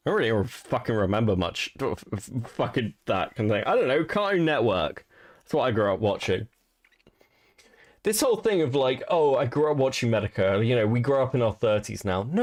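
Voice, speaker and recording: A young man co-hosting a casual commentary podcast, ranting and swearing in exasperation. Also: mid-range voice. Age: young adult. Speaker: podcast co-host.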